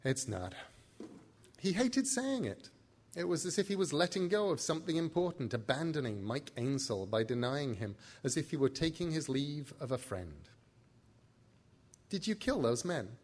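A man narrating a novel in an easygoing reading voice. He now and then steps out of the story for a quick aside to the listener. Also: fairly high pitch, animated, a little mellow, in a large hall. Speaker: audiobook reader.

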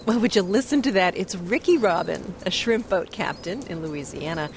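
Low-voiced woman radio news host. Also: expressive, moderate pace, a little hiss or hum. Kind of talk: public radio hosting. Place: radio studio.

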